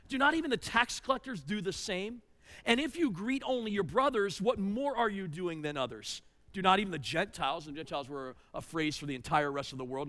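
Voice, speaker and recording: Bright high-pitched male preacher. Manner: storytelling, animated, with dramatic drops to a hush. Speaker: pastor. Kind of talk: sermon.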